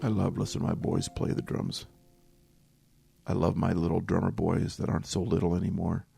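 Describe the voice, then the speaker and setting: A man's voice: low voice, level tone, a little fast, vocal fry, dark tone, husky. A middle-aged man hosting a podcast, talking earnestly and emotionally and circling back to the same phrases. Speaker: podcast host. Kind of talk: reflective solo podcast talk. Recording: music playing underneath.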